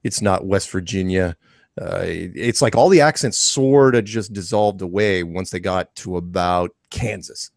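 A man co-hosting a podcast, talking in a relaxed, rambling way with halting restarts. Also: low-pitched, gravelly, no room sound, studio quality. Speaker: podcast co-host. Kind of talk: casual chat.

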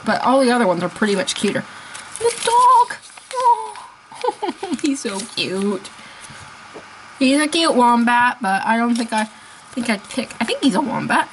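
A woman chatting casually as she unboxes toys, gushing and excitable, laughing often. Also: on the high side, slight background noise, low-quality recording. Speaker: unboxing vlogger.

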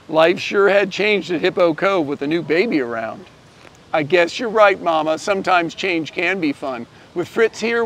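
A man reading a children's picture book aloud, gently telling the story and shifting his voice a little for each character. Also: a little high, vocal fry, a little hiss or hum. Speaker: storybook reader.

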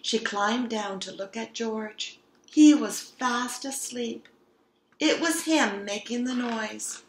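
A woman reading a children's picture book aloud with expressive narration. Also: a little high, takes it slowly. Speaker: storybook reader. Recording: roomy echo.

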